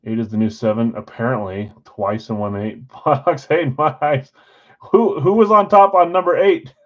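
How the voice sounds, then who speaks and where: A man hosts a live card break, talking casually and poking fun at his own slip-ups as he chats with viewers. His voice sits at an ordinary middle pitch. The stream audio is a bit dull and lo-fi. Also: moderate pace. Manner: self-deprecating, chatty, talks to chat viewers.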